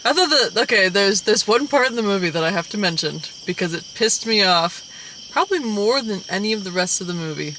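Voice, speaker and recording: A woman's voice: mid-range voice, expressive, a little fast, bright, forceful tone, a little hiss or hum. A woman co-hosting a casual movie review, talking in a blunt, profane, exasperated way. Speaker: co-host.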